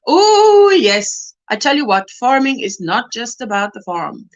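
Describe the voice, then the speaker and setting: A woman's voice: a little high, very animated, unhurried, highs cut off. A woman from South Africa hosting a casual livestream, reading viewer comments and weather reports aloud and greeting people by name. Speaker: livestream host.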